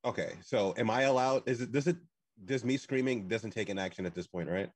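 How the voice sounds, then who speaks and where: A man's voice: mid-range voice, brisk, breathy edge, no echo. A man playing a tabletop game, rambling through his character's actions with lots of "like" and "just". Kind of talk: casual play narration.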